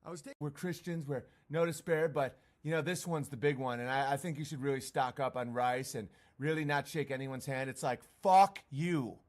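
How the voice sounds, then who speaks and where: A man's voice: mid-range voice, moderate pace, hardly any pauses. A man streaming a profane, mocking rant, breaking into sarcastic impressions. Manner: mocking, profane, jumps into sarcastic put-on voices. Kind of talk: profane ranting monologue.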